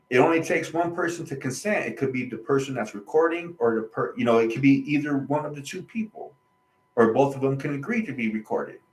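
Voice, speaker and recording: A man tells his own story in an animated, emphatic way, doubling back and repeating key phrases. His voice sits at a middle pitch, and the room around him is roomy and echoey. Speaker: channel host. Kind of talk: personal storytelling monologue.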